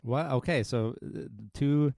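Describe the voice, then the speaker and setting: A man hosting a podcast interview, encouraging his guest with quick replies and follow-up questions. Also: mid-range voice, darkish tone. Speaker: podcast host.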